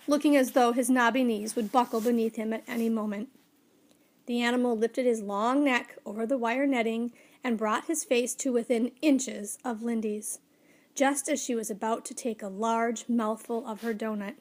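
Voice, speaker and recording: A woman narrating a children's story aloud in a measured, gently expressive way. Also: a little high.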